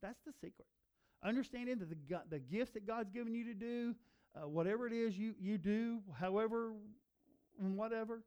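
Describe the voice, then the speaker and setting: Male pastor, sermon, earnest, emphatic repetition, mellow warm tone, raised pitch. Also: moderate pace, clean tone. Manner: earnest, building to emphatic repeated phrases.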